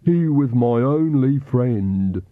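A man's voice: medium pitch, lively intonation, no room sound, phone-quality sound. A man doing a sobbing hulking servant. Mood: grieving. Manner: slow, sobbing. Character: grieving hulking male castle servant.

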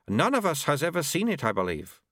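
A man voicing a small babbling toddler abbot who talks in high baby talk, in an audiobook. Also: wildly swooping pitch, brisk, a bit bright, no room sound, studio quality, full character voice. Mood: babbling, serene. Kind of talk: audiobook character voice.

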